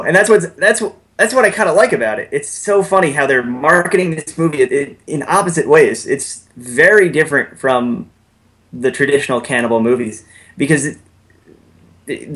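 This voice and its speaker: Man, medium pitch, chatty podcast guest, rambling, laughs now and then. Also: fairly bright tone. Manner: chatty, many fillers and restarts, laughs. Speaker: podcast guest, horror author. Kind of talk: casual chat.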